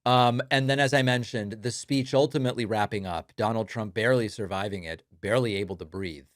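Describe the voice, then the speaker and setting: A man's voice: fairly low pitch, brisk, no echo, clean studio sound. A man hosting a political commentary show, mocking and sarcastic in his delivery.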